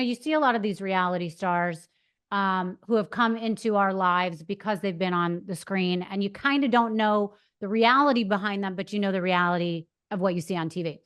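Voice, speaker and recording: Podcast host, woman, smooth and clear, earnest, effusive interviewer. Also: medium pitch. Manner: earnest, effusive, rambling questions. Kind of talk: interview questions.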